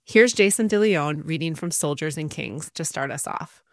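A radio host giving a brisk, friendly introduction to a reading. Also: medium pitch, lively intonation, dry recording, clean studio sound. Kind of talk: broadcast introduction.

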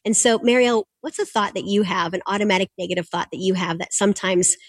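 Mid-pitched woman coach guest, upbeat and instructive, in a dry, dead-sounding room. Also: fast talker, no room sound. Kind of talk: explaining techniques in an interview.

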